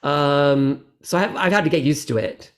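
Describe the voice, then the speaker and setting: A man's voice: on the high side, moderate pace. Chatty, meandering middle-aged man. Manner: chatty, meandering, self-deprecating. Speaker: guest actor. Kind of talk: casual interview chat.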